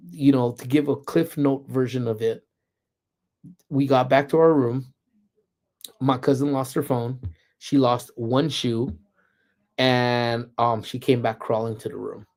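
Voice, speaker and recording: A middle-aged man hosting a casual lunchtime livestream, chatting loosely and slipping into playful, animated slang riffs. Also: medium pitch, unhurried, pauses often. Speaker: livestream host. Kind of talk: casual live chat.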